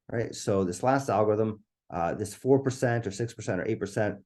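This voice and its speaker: A man presenting a live webinar whose voice is getting hoarse. He talks with eager enthusiasm and keeps checking in with "right?". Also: fairly low pitch, mellow. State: voice going hoarse.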